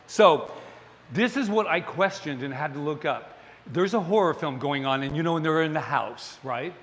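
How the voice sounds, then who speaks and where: Male minister preaching, lively storytelling, fairly high voice, long hall reverb. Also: normal speed. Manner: animated, playful storytelling with laughs. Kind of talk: sermon. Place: spiritual center sanctuary.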